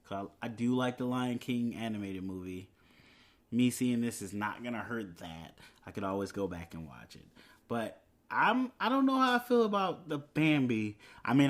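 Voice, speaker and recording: A young man hosting a solo podcast, chatting casually about movie news with fillers and chuckles. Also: on the low side. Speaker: podcast host.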